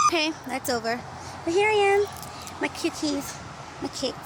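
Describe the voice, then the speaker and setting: A woman's voice: high voice, moderate pace. A young Bahamian woman talking candidly in a casual vlog while walking uphill outdoors in the heat, a little out of breath. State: slightly out of breath. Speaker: vlogger. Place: outdoors in hot sun. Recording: noisy outdoor background.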